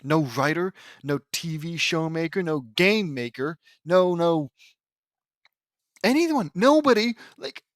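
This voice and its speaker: A man's voice: on the high side, dry recording. A man reading a fan fiction aloud in a casual way, breaking off to joke and laugh about the text. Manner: reads quoted battle cries, then breaks off with joking asides and laughs. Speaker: audiobook reader reacting to a fan fiction. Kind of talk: casual read-aloud with commentary.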